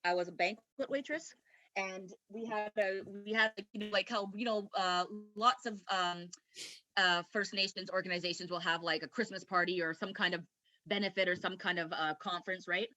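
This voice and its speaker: A woman's voice: mid-range voice, normal speed, sharp tone, dry recording. A woman from Canada telling personal stories in a rambling, candid way, often laughing as she talks. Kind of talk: casual personal storytelling.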